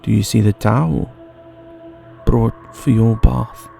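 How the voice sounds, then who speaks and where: A man's voice: mid-range voice, takes it slowly, creaky, warm tone, faint music behind. A man voicing a thin black cat giving advice. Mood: advising.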